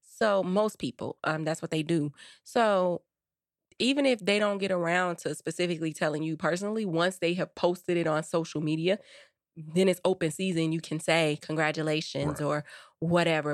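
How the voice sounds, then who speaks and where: A woman's voice: sits low, dry recording, clean studio sound. A woman co-hosting a podcast, chatting casually and telling stories with quoted voices. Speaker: podcast co-host.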